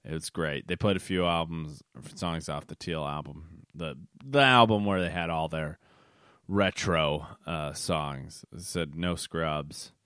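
A man's voice: a bass voice, measured pace, a bit bright, clear, resonant tone, no room sound, clean studio sound. A young man hosting a podcast, telling a rambling, casual story with fillers and restarts, recorded late at night. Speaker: podcast host. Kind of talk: casual solo podcast monologue.

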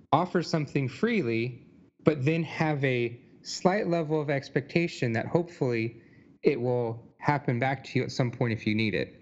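Rambling man in a dull-sounding podcast. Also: mid-range voice. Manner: rambling, many likes and you knows. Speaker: podcast co-host. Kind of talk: casual chat.

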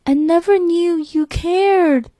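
A woman voicing a gloomy female cow in a bilingual storybook, speaking slowly and coaxingly. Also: extremely high pitch, warm tone, no echo, studio quality, voice pushed up.

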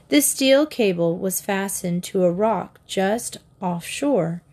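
A woman narrating a children's storybook in a calm, measured reading. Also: medium pitch. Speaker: audiobook narrator.

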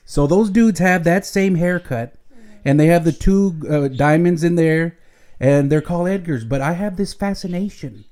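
His voice is fairly high and a little mellow, his pace normal, as this middle-aged man hosts his home podcast. He rambles and jokes in casual conversation, dropping in bits of Spanish slang.

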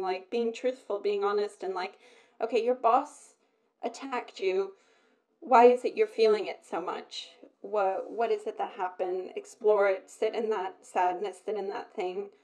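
In an easygoing chat, a woman from Britain with a medium-pitched, darkish voice talks for a long time. She keeps wandering off on tangents and laughs frequently.

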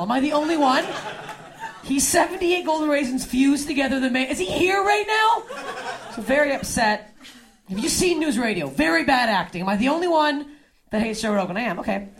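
A woman from Canada works a club crowd with stand-up through a handheld mic. Her voice sits high and gravelly. She is deadpan and swings between low mutters and loud shouts. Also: fairly quick. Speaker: stand-up comic. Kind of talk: stand-up set. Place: comedy club stage.

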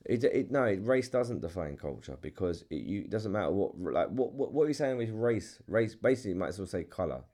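A man's voice: lowish voice, expressive, a little fast, hardly any pauses, dark tone. A young man with a London English accent hosting a casual chat, restarting sentences, repeating himself and swearing freely. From England. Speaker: podcast host.

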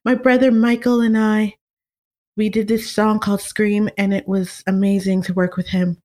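A podcaster doing a hushed gentle diva. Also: mid-range voice, level tone, normal speed, close to an everyday voice. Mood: serene. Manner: breathy, hushed and soothing. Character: soft-spoken famous woman singer, gentle and peaceful. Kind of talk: celebrity impression on a podcast.

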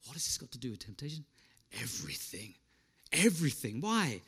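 A middle-aged man preaching a sermon, animated, asking the listeners questions and slipping in jokes. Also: medium pitch, fairly quick, breathy edge. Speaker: pastor.

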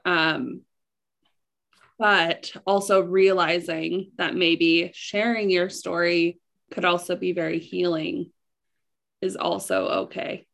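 Chatty woman with a gravelly fry. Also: on the low side, flat delivery, slow, fairly bright tone. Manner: candid, filler-heavy, chatty. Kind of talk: casual chat.

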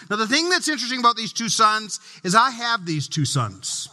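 A man's voice: high-pitched, big pitch swings, a little fast, sharp tone, big-room sound. A middle-aged man preaching a sermon as pastor, humorous and conversational, acting out little family scenes.

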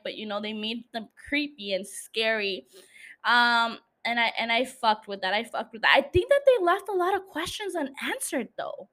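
Young female podcast host, high-pitched, chatty, profane, quick to laugh. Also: fairly bright tone. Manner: chatty, swears freely, laughs often. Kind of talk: casual solo podcast chat.

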